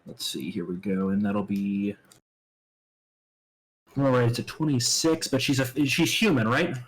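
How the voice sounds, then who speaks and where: A man's voice: mid-range voice, fairly even intonation, measured pace, rough recording. A man playing a tabletop game, explaining his moves hesitantly with many fillers. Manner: hesitant, many fillers while working out rules. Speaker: player. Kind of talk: casual tabletop game chat.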